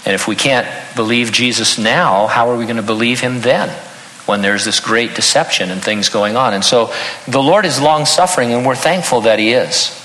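A man's voice: mid-range voice, moderate pace, a bit bright, reverberant, big-room sound, low-quality recording. An older man preaching a sermon as pastor, earnest with touches of self-deprecating humor.

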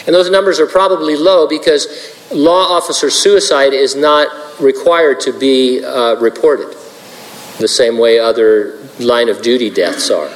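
A man preaching as a pastor, working through scripture verse by verse. He is earnest and slips in dry jokes and asides. His voice carries a long reverb, as if in a large hall. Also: mid-range voice. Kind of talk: verse-by-verse sermon.

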